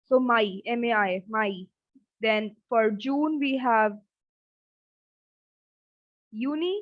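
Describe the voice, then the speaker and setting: A woman teaching a language class, slowly drilling words and saying each one over and over. Her voice sits a little high. The recording is dry and dull, with a lo-fi sound. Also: no room sound. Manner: slow, repeats each word several times. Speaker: German teacher. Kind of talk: online language lesson.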